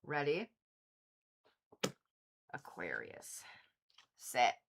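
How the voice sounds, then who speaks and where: A woman's voice: a bass voice, wildly swooping pitch, very slow, gravelly, background noise. A woman doing casual zodiac card readings on a livestream, chatty and blunt, swearing freely and talking straight to her viewers. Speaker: Reiki practitioner and tarot reader.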